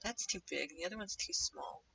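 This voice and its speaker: A young woman livestreaming while she animates, chatting casually in a rambling way and drifting into low muttering to herself as she draws. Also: a little fast, gravelly, pushed and bright, far from the mic, a little hiss or hum. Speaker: streamer animating live. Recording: dull lo-fi mic set back from the speaker.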